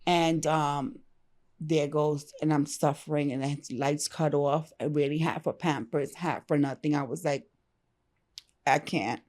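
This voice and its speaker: A middle-aged woman from Brooklyn, a guest telling her own story in a candid, animated, slangy way, acting out what others said. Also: low-pitched, measured pace. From Brooklyn, New York. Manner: animated, acts out others' lines, slangy and informal.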